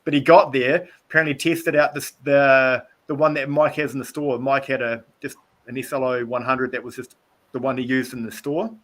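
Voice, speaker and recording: A man's voice: mid-range voice, steady tone, normal speed, fairly bright tone. A man from New Zealand with a Kiwi accent, chatting as a guest on a video-call live stream and rambling through stories. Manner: rambling storyteller, acts out quotes. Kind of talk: casual chat.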